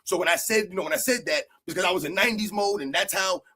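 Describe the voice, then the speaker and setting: A middle-aged man hosting a sports channel, rambling excitably in a casual rant to his viewers and saying "man" constantly. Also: high voice, quick pace.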